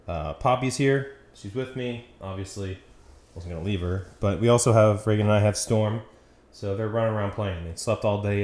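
Guy hosting a chill podcast from home, rambly, jokey, echoey room w faint hiss. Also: medium pitch. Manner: rambling, self-correcting, joking. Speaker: podcast host. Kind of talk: casual podcast chat. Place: home room with dogs nearby.

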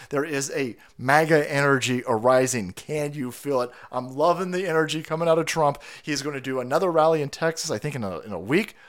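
A man hosting a livestream, ranting in a profane, fired-up, rallying way while sick with a cold. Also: fairly high pitch. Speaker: livestream host.

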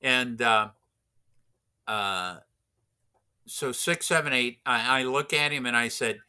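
A man's voice: mid-range voice, takes it slowly, long pauses, sharp tone, smooth. A man casually telling a racing story, rambling with many restarts and fillers. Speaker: racing driver instructor.

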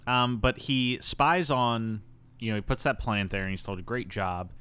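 A man co-hosting a casual podcast, recapping a film in an animated, storytelling way with frequent laughter. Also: mid-range voice, normal speed, smooth. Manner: animated storytelling, acts out quoted lines with silly voices; laughs often. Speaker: podcast co-host. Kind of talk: casual chat.

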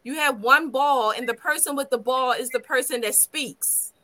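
A woman's voice: high-pitched, moderate pace, bright, forceful tone. A woman co-hosting a casual talk show, offering encouraging practical advice. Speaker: podcast co-host. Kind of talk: casual chat.

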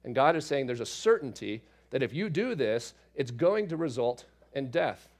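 A man, a father, teaching through a Bible passage in a relaxed, conversational way, with asides and fillers as he explains. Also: mid-range voice, normal speed. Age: adult parent.

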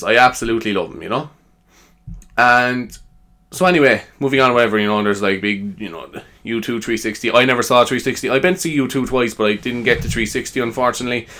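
A man's voice: mid-range voice, a bit bright. A man rambling in a casual solo chat, self-amused and full of fillers. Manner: chatty, self-amused, lots of fillers and laughs. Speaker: podcaster.

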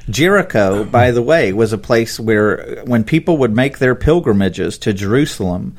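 A man co-hosting a podcast, explaining Bible stories in a relaxed, conversational way and laughing often. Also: medium pitch, normal speed. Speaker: podcast co-host. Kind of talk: casual Bible discussion.

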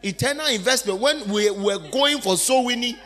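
A male minister preaching a sermon in an emphatic, repetitive style with sudden loud outbursts. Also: extremely high pitch, moderate pace, faint music behind.

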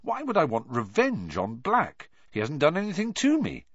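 A man voicing a puzzled teenage boy who mutters quietly, for an audiobook. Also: wildly swooping pitch, moderate pace, husky, dry recording, muffled recording, full character voice. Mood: muttering. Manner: low muttering. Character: puzzled teenage schoolboy hero.

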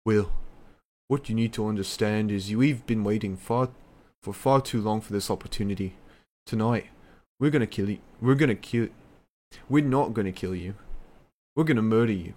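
A man voicing a menacing male wrestler who threatens his rivals in a flat promo delivery. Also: on the low side, moderate pace, pauses often, lightly acted.

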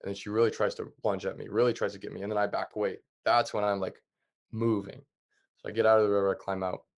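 Gravelly low-voiced man, calm storyteller. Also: quick pace. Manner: calm, plain retelling with many fillers. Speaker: podcast guest. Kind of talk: casual storytelling.

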